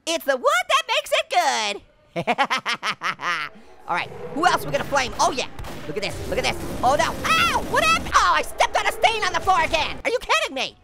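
Hyper, squeaky talking orange cartoon. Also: male voice, wildly swooping pitch, brisk, vocal fry, over loud music, exaggerated voice. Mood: gleeful. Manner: punning, giggly, constant exclamations. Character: wisecracking male talking orange, hyper and giggly. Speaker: gaming channel host. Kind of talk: cartoon let's-play commentary in character.

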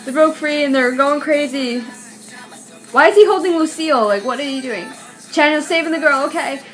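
A young woman hosting a reaction video, excitable, shrieking and laughing as she comments. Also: sits high, normal speed, soft background music.

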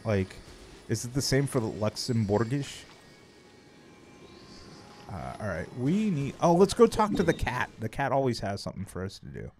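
Playful, lively-voiced man streaming a game. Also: mid-range voice, moderate pace, long pauses, a little hiss or hum. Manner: playful, joking, swears freely. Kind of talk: casual live-stream chat while gaming.

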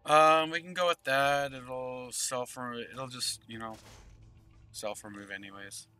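Slow, bright-voiced man playing a game. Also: medium pitch, steady tone, faint music behind. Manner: thinks aloud, reads out game text in a murmur. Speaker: gaming channel host. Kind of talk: casual gameplay commentary.

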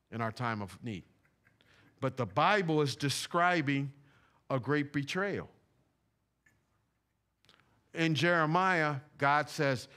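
A man's voice: medium pitch, fairly bright tone, clear, resonant tone. A man preaching a sermon in a church, talking in a loose, conversational way with slang and repeated phrases. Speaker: pastor. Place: church sanctuary.

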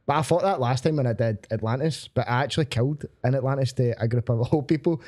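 A man's voice: mid-range voice, quick pace, a little mellow. A Scottish man, a stand-up comedian, telling gig stories in casual podcast chat, laughing often and swearing freely. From Glasgow, Scotland.

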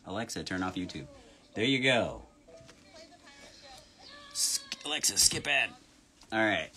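A man's voice: fairly low pitch, wildly swooping pitch, measured pace, pauses often, bright, forceful tone. A man chatting casually on a live stream, reading out fans' names, spelling them, and signing orders in a playful way.

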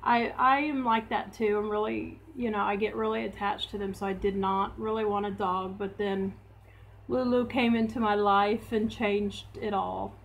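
A woman's voice: medium pitch, fairly even intonation, normal speed, gravelly, a little hiss or hum. A woman chatting casually on her live stream, responding to viewers and cooing baby talk at her dog.

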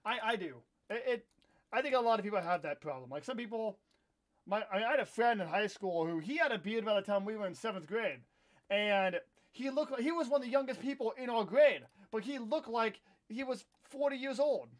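A young man from Iowa in his twenties, hosting a live gameplay stream and chatting in a rambling way, with sudden loud outbursts when the game goes wrong. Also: sits high, expressive, a little fast. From Iowa, USA. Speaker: livestream host. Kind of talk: casual live gameplay chat.

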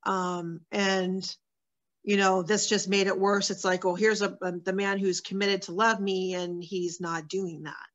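Woman, interview guest, personal testimony, candid, earnest, conversational fillers, middle pitch. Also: level tone, unhurried, highs cut off.

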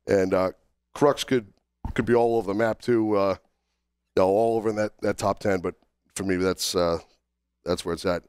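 A man with a lowish, smooth voice, talking casually while under the weather from a cold. He stops often to fill gaps as he works through a list. The sound is dry and close. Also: steady tone, a little mellow, dry recording. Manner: halting, many fillers and restarts while listing. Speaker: podcast co-host. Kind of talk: casual podcast chat.

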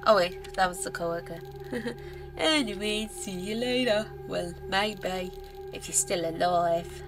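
A woman's voice: mid-range voice, unhurried, music in the background. A woman giving casual, crude, joking commentary while playing a horror game and reading its lines aloud. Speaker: gaming YouTuber.

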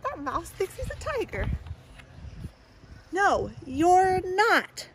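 A woman's voice: very high voice, big pitch swings, drawn-out words, slight background noise, pitched above the performer's own voice, full character voice, poor audio. A woman voicing a teasing jungle animal that mocks a little mouse, in a storybook read-aloud. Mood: mocking. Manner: mocking, scoffing.

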